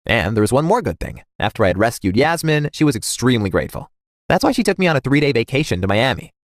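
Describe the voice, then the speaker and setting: A man narrating a scripted first-person story in a dramatic, animated way. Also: mid-range voice, fast, no echo, clean studio sound.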